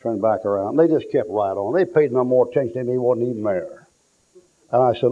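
A man preaching a sermon, telling folksy stories and acting out the people in them, sometimes shouting for effect. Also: mid-range voice, fast talker. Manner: folksy storytelling, acts out quotes, shouts for effect. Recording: tinny lo-fi phone-like sound.

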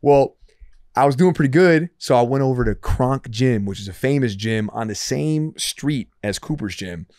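A man in his thirties swaps stories on a podcast with a profane, animated delivery, often repeating himself as he gets excited. His voice sits at a middle pitch and sounds dry and close, with no room echo. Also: normal speed. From Dearborn, Michigan, US. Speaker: podcast guest. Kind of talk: casual storytelling.

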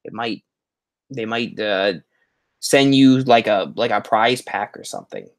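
The host of a Halloween prop channel's live stream is chatty and rambling, making self-mocking asides as he fumbles through his setup. He speaks at a measured pace in a voice on the low side.

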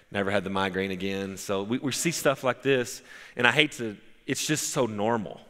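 A lower-pitched man delivers a sermon from a church stage, his voice bright and forceful. He tells stories in a loose, conversational way, often restarting sentences, and a long reverb trails behind each phrase in the sanctuary. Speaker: pastor.

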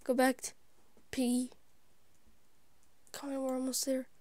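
A woman hosting her gaming channel, giving live gameplay commentary; excitable and easily frustrated, she often drops into whispered asides. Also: high voice, unhurried, no echo. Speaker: YouTube gaming channel host.

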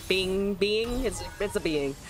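A woman's voice: mid-range voice, lively intonation, slow pace, faint music behind. A woman streamer casually commentating her card game, joking, laughing and swearing freely.

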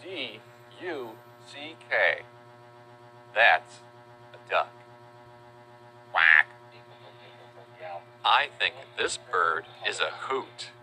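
A man narrating a children's educational video, spelling out words letter by letter in a friendly, deliberate way. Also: lowish voice, sharp tone. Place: voice-over.

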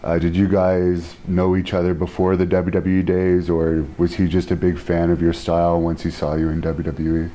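A man's voice: deep voice, monotone, moderate pace, hardly any pauses, mellow, slight background noise. A man hosting an interview, asking easygoing questions with fillers.

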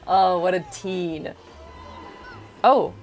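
Woman in her thirties, gaming YouTuber: chatty let's-play commentary, quick reactions and laughs, faint music underneath. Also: on the low side.

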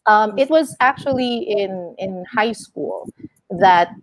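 Animated Filipino woman telling stories. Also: medium pitch, slow pace, a little hiss or hum, rough recording. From Philippines. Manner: animated storytelling, switching between English and Filipino. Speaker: podcast guest, actress and comedian. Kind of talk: casual interview chat.

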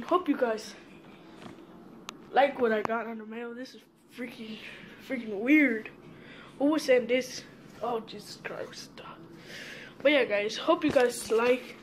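A woman vlogging casually, speaking straight to her viewers in an excitable way and swearing often. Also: a little high, slight background noise. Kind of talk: casual mail-opening vlog.

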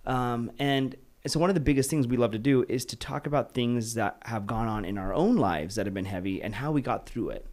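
A man's voice: mid-range voice, a little fast, few pauses, darkish tone. Encouraging male podcast host. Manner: encouraging, frequent affirmations. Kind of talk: casual chat.

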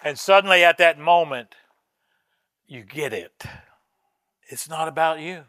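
A male pastor preaching a sermon in a conversational, storytelling way, often restarting his words and growing loud and high when he quotes others. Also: unhurried, some chatter behind. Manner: animated, rises high and loud when voicing an old woman's quoted words; casual, conversational delivery with frequent restarts.

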